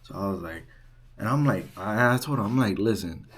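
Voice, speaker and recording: A young man working as a resident assistant tells a storytime vlog in a casual, animated way, full of "like" and "right?". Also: on the low side, fairly quick, slightly rough. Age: young adult. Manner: animated retelling, heavy use of "like" and "right?".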